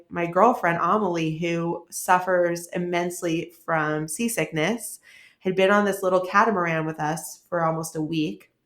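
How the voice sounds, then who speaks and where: A woman guest tells a story with animated energy in a slightly low voice. Her voice carries a noticeable echo from the room she is in. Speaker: interview guest, former lawyer and author. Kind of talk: conversational storytelling.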